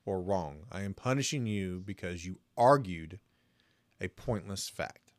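A man's voice: low voice, expressive, unhurried, no room sound, voice pushed down. A man voicing a wise old owl judge. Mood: stern.

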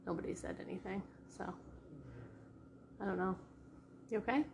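A woman's voice: medium pitch, normal speed, noisy background. A woman with a New England accent chatting casually in a vlog, rambling with many restarts and fillers. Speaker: vlogger. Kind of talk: casual chat. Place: rented house indoors.

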